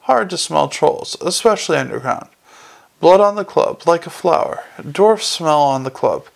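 A man's voice: fairly high pitch, expressive, moderate pace, vocal fry. A man voicing a wry, blunt female watch officer thinking aloud.

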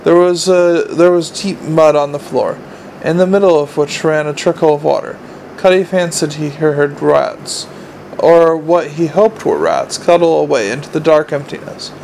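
A man reading a novel aloud in a steady, measured storytelling voice. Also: fairly high pitch, gravelly, slight background noise, rough recording. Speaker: audiobook narrator. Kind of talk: audiobook narration.

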